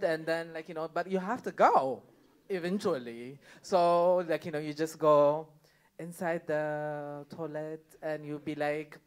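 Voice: mid-range voice, darkish tone. A stand-up comedian working a live room, talking in loose, looping sentences stuffed with "like, you know." The delivery is casual and giggly, with the comic chuckling through the punchlines. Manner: chatty, heavy "like, you know" fillers, laughing at own jokes. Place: comedy club stage before a live audience.

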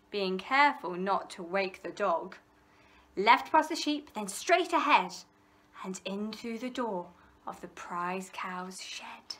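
A woman whispering as sneaky male thieves. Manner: hushed, low, conspiratorial whisper. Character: two sly male thieves plotting in whispers.

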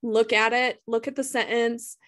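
A woman from the United States co-hosts a relaxed podcast. Her voice is a touch high, and she laughs easily while poking fun at herself. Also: normal speed. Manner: laughs easily, self-deprecating. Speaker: podcast co-host, author. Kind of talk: casual chat.

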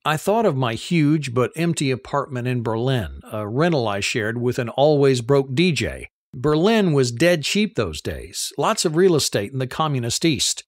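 Male audiobook narrator, first-person read, animated intonation, close dry sound. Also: medium pitch, normal speed, no echo.

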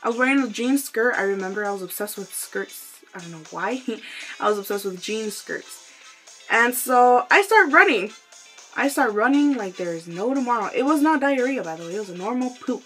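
A fairly high-pitched young woman tells a story to her camera in a loose, candid vlog style. She giggles through it, swears freely and keeps apologizing to her viewers, with faint instrumental music under her voice. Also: expressive, moderate pace, a bit bright, rough recording. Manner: giggly, breaks into laughter often; candid and profane, apologetic asides. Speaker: vlogger.

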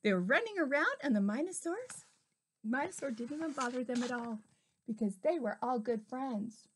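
A woman reading a picture book aloud to a preschooler, stopping to talk to the child in an animated way. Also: high-pitched, moderate pace, breathy edge. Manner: animated, talks to the child between lines. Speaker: storyteller.

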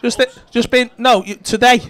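On a comedy club stage, a male stand-up comedian works the crowd, teasing, swearing, and trading laughing banter. His voice is extremely high-pitched, fairly even in intonation, at a moderate pace. The live recording carries a loud crowd and audience laughter.

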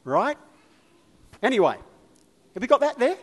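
A man tells a personal story from the pulpit in a chatty, animated sermon. His voice sits high for a man and swoops widely in pitch. The sound rings out with long reverb from a church hall. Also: measured pace. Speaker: lay preacher. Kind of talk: informal sermon.

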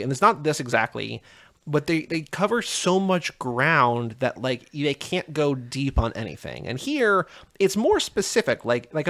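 A man co-hosting a podcast, casually recapping a movie and acting out the characters' lines in quick asides. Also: a little high, a bit bright. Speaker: podcast co-host.

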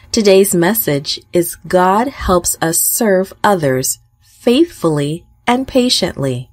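A woman telling a Bible story for children in a gentle, expressive reading. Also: lowish voice, slow pace, no echo, clean studio sound. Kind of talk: scripted narration for children.

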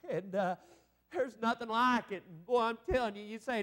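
Middle-aged preacher, man, high voice, fervent revival delivery. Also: normal speed, a bit bright. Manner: fervent preaching with rising exclamations. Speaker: evangelist preacher. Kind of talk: revival sermon.

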